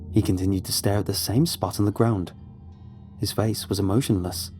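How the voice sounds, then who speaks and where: A man narrating a horror story in a measured, suspenseful way. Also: lowish voice, gravelly, warm tone. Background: faint music.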